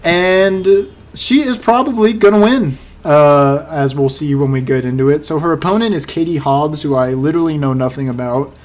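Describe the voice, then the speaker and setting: A young man giving casual reaction commentary, excitable, swearing and laughing as he talks. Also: on the high side, moderate pace, few pauses. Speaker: reaction streamer.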